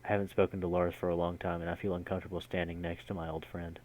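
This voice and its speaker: A man's voice: low-pitched, level tone, rapid-fire, a little mellow, muffled recording, slight background noise. A man streaming a visual novel, reading the narration aloud and breaking off with casual reactions. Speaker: gaming streamer.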